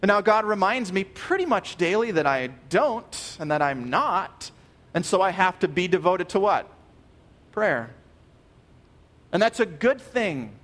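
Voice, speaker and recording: A pastor preaching a sermon, earnest and emphatic, repeating key phrases and dropping soft at the ends of phrases. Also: male voice, high voice.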